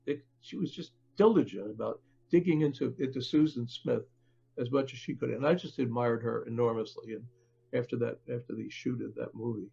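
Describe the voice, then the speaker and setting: An older man, an author, talks through his work as a podcast guest, stopping and restarting often and leaning on fillers. His voice is gravelly and husky. The audio sounds dull and lo-fi. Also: mid-range voice, dark tone. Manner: halting, many fillers and restarts. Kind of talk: conversational interview.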